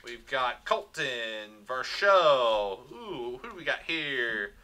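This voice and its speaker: Bright-voiced man hosting a card break. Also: mid-range voice, very animated, slow. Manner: upbeat, rattles off player names, chats with viewers. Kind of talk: livestreamed card box break.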